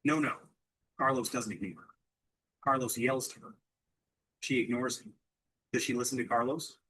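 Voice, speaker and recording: A man leads an English lesson as a steady question-and-answer drill. His voice is breathy and a little husky. He asks a simple question, then repeats the answer back clearly. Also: mid-range voice, moderate pace, low-quality recording. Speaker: English teacher.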